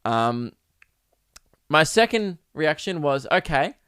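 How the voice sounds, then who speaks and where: Man, fairly high voice, hosting a podcast in a dry, close room; animated and mock-outraged. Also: slow pace, clear, resonant tone, no echo. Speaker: podcast host. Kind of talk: casual solo podcast rant.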